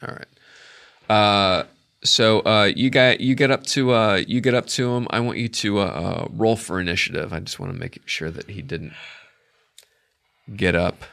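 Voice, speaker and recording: A man's voice: on the low side, moderate pace, creaky, fairly bright tone. A man running a tabletop game as game master, narrating in a rambling way full of fillers.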